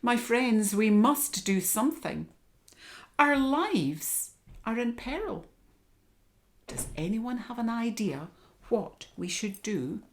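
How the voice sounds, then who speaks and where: A woman reading aloud and voicing a grave, commanding male lion who leads the forest animals, in a loud and urgent way. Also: on the high side, lively intonation, slow, pitched above the performer's own voice.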